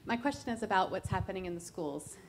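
A woman's voice: medium pitch, expressive, fast talker, noisy background. A woman in her thirties asking a question from the floor at a church event, earnest and concerned, explaining at length. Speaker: audience member asking a question.

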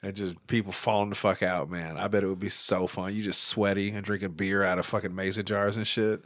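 A man's voice: low-pitched, little pitch movement, fairly quick, fairly bright tone, dry recording, studio quality. A man hosting a casual reaction chat, joking and swearing freely. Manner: profane, laughing banter.

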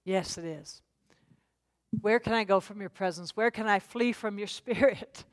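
A woman's voice: mid-range voice, measured pace. A woman leading a church Bible teaching, talking in a conversational way and inviting the congregation to read aloud. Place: church meeting.

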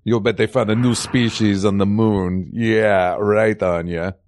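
A man playing a deadpan male cosmonaut with a mock Russian accent in an improvised comedy bit. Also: fairly low pitch, a little slow, slight background noise, close to an everyday voice. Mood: musing.

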